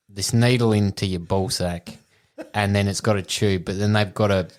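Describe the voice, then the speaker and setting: A man's voice: on the low side, fairly even intonation, measured pace. An Australian man, a podcast co-host, telling a crude story in casual chat and laughing through it.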